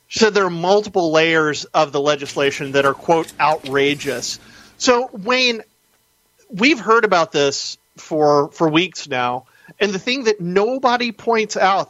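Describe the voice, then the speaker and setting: A man with a somewhat high voice, calling in as a guest on a talk radio show. He explains a news story in an animated, argumentative way and keeps addressing the host. The sound is dry, with no room around it. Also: no room sound, low-quality recording. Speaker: guest news editor on a phone-in. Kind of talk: radio interview.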